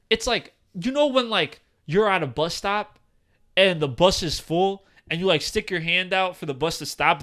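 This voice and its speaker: A man in his twenties co-hosting a casual podcast, rambling with lots of fillers and animated tangents. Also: high-pitched. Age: 20s. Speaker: podcast co-host.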